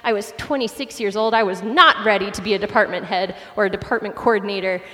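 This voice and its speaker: A woman pastor in her late twenties, preaching a sermon with animated, self-deprecating personal stories. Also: medium pitch, fast, long reverb tail.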